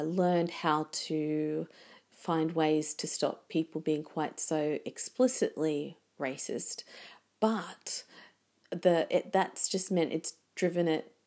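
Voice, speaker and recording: A woman's voice: low voice, mellow. A woman talking casually and reflectively, rambling with many restarts. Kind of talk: casual conversation.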